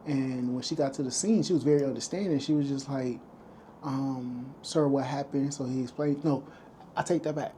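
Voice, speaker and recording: A man's voice: medium pitch, normal speed, warm tone, a little hiss or hum. A man vlogging, casually retelling a story to camera and acting out the lines of the people in it. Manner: retells events loosely, acting out quoted lines.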